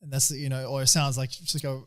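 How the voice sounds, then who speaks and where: A man's voice: mid-range voice, little pitch movement, very fast, fairly bright tone. A young man, co-hosting a podcast in a casual, swearing, laughing way. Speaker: podcast co-host. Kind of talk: casual chat.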